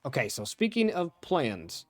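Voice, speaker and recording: A young man from Ohio hosting a gameplay video, rambling casually with excitable bursts. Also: a little high, unhurried, no room sound, clean studio sound. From Ohio, USA. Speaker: let's play host.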